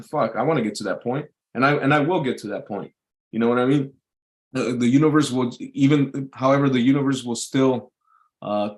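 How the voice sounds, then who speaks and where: A man rambling casually to his live stream audience, swearing freely and filling his talk with fillers and restarts. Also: mid-range voice. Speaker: YouTube livestreamer. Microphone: live stream mic.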